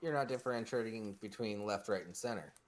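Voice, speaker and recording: A man's voice: on the low side, brisk. A man co-hosting a podcast, joining crude banter with hesitant, stammering restarts. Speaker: podcast co-host.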